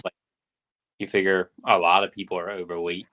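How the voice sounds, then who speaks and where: A man with a very low voice answers interview questions slowly and hesitantly, filling gaps with ums. The sound is dull and lo-fi. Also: little pitch movement. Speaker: wrestler guest. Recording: dull lo-fi audio.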